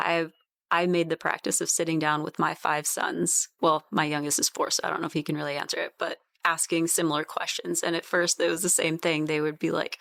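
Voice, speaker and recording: A woman's voice: sits low, fairly even intonation, fairly quick, fairly bright tone, dry recording, studio quality. A woman who works as a leadership coach, speaking as a mother on a podcast panel in a reflective, earnest way. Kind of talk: casual panel chat.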